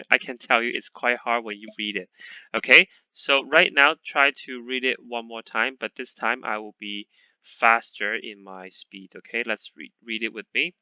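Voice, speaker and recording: A man teaching a lesson to a class in English, patient and repeating words slowly, checking in with "okay?" often. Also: medium pitch, pushed and bright, smooth, no room sound, highs cut off. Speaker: Chinese teacher.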